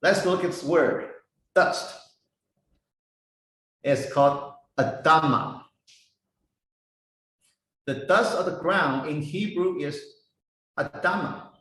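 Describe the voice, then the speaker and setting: A man teaching a Bible lesson, slowly spelling out Hebrew words and their meanings one by one. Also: on the high side, a bit bright. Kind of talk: slow explanatory lesson. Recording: echoey room, voice heard from a distance.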